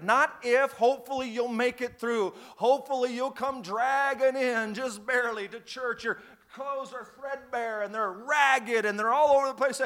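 A high-voiced man preaches a sermon. He talks like a storyteller and climbs into loud, fervent outbursts. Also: moderate pace, hardly any pauses.

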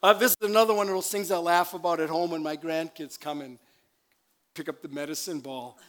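A man's voice: on the high side, steady tone, fairly quick, a bit bright. An older man, a pastor, preaching a sermon in a church, chatty with laughing asides and calls for amen. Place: church sanctuary.

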